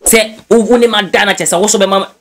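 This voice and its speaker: A man from Ghana, a news blogger, giving casual gossip commentary in an animated way and slipping English phrases into his talk. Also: sits high, quick pace.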